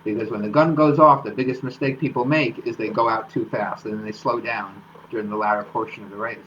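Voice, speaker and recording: A man's voice: fairly low pitch, fairly even intonation, fairly quick, fairly bright tone, lo-fi sound, a little hiss or hum. A man hosting a live-streamed talk about running, explaining workouts in a coaching tone. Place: home studio.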